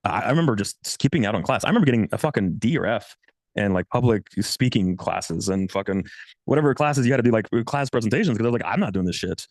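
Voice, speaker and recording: Speaking fast on a dry recording, this thirtysomething man coaches casually on dating with bluntness and profanity. He's animated, shifting pitch whenever he quotes someone.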